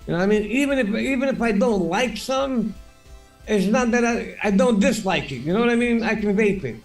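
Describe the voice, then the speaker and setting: A man's voice: high voice, animated, brisk, faint music behind. A man co-hosting a live stream in casual chat, rambling and swearing freely, affectionate toward his friends.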